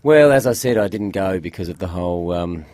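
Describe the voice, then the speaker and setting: A man trading deadpan absurd one-liners as a panelist on a radio comedy show. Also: deep voice, fairly quick, no echo. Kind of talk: deadpan comic banter.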